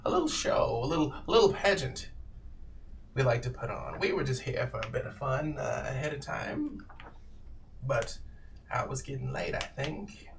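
A man's voice: medium pitch, very animated, normal speed, recorded from a distance, slight background noise. A man voicing a sly, courtly male fae trader who carries a lantern and wheedles for trades. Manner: courtly, wheedling, faintly menacing.

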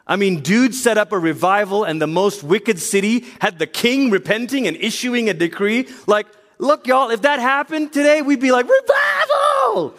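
High-voiced animated male preacher. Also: normal speed, hardly any pauses, big-room sound. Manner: animated storytelling, acting out quotes. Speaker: pastor. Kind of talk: sermon.

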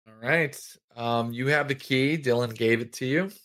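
A man's voice: mid-range voice, normal speed, a bit bright. Man running a tabletop game. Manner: loose and rambling, lots of fillers. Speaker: game master.

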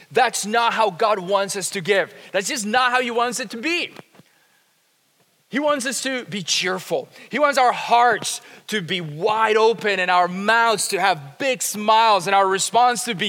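A man preaching a sermon as pastor, shifting between hushed, quiet passages and emphatic, rising ones. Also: high voice, in a large hall. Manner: dynamic, swings from hushed to emphatic.

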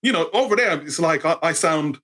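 Man, 50s, English accent, animated storyteller; sharp, husky voice. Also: on the high side, fairly quick. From England. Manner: animated, acts out quoted voices. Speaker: guest storyteller. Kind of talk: interview storytelling.

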